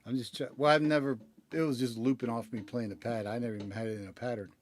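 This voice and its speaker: A man's voice: medium pitch, fairly even intonation, fast talker, slight background noise. A man, a musician in a recording session, muttering distractedly while working on his gear. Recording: distant voice under loud music.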